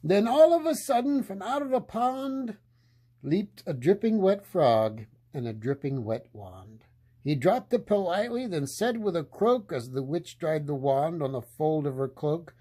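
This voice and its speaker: Brief: playful storyteller, slow pace, very lively pitch, mellow tone. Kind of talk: picture book read-aloud.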